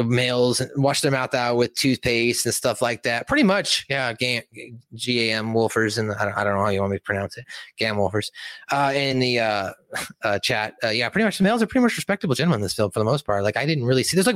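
A man's voice: medium pitch, expressive, a little fast, fairly bright tone, no room sound. A young man reviewing a movie on a casual livestream, rambling and swearing, with many fillers.

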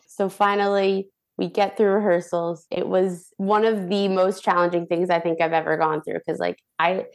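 A young woman, a professional dancer and guest on the show, telling stories in a chatty, animated way full of "like". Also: fairly low pitch, normal speed, hardly any pauses. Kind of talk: casual storytelling interview.

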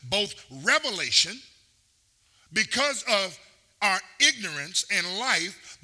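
A man's voice: high-pitched, sing-song, takes it slowly, pushed and bright. A man preaching a sermon, mixing playful asides and acted-out quotes with rising, intense delivery. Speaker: pastor.

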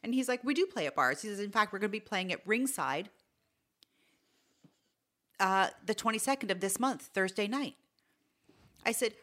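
Podcast co-host, middle-aged woman, bright voice, lively storyteller who plays out every quote. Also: mid-range voice, moderate pace, pauses often. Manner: animated, acts out quoted dialogue. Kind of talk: casual storytelling chat.

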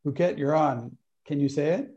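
A man's voice: on the high side, moderate pace, dark tone, dull audio. A man leading a workshop, talking loosely through stories and acting out little inner voices. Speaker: workshop leader. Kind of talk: teaching talk.

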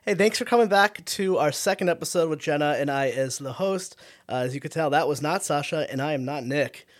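A man's voice: fairly high pitch, a little fast. A man co-hosting a podcast, chatting casually and animatedly, with frequent restarts and trailing thoughts. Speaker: podcast co-host. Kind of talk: casual chat.

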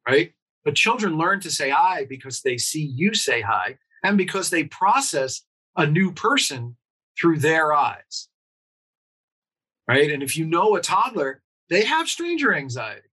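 A man's voice: a little high, very animated, measured pace, sharp tone, husky, poor audio. A man, a pediatrician guest on an interview, explaining earnestly and asking rhetorical questions.

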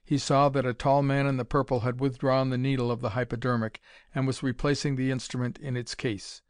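A man's voice: medium pitch, flat delivery, a little fast, clean tone, no echo. A man narrating a dramatic pulp adventure story, reading it aloud in a dry recording.

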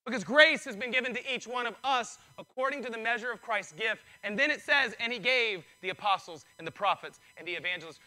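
A male pastor preaching a sermon, excitable and building in intensity, his voice strained from preaching. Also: very high voice, brisk, few pauses, rough recording.

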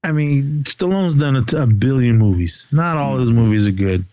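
A man's voice: medium pitch, lively intonation, moderate pace, darkish tone, no room sound. A man hosting a casual movie chat, retelling scenes in a rambling way with many restarts. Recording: dull lo-fi dry recording.

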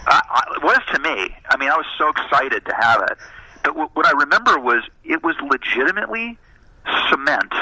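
A man chatting casually, telling stories in an animated, self-deprecating way. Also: a little high, brisk, slightly rough, dry recording, poor audio. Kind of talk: casual chat.

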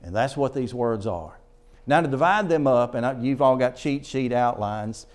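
A middle-aged man preaching a sermon in church. He reads scripture slowly and presses his points with earnest emphasis. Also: medium pitch, expressive, darkish tone.

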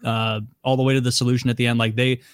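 A man speaks at a middle pitch in a casual podcast chat. He is blunt and opinionated, saying what he thinks without softening it. The sound is dry and close. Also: little pitch movement, fast, clean tone, no room sound.

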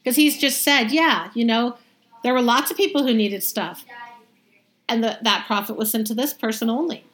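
A woman reading scripture aloud and then explaining it in a lively, conversational way, as a Bible study teacher. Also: on the high side, moderate pace. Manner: lively, conversational, acts out the crowd's reactions.

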